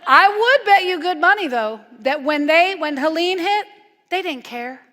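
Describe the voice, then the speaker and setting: A woman minister giving a conversational sermon, animated and playful in her storytelling, turning hushed and earnest at times. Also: extremely high pitch, unhurried. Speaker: guest minister. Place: church sanctuary. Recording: long reverb from a church hall.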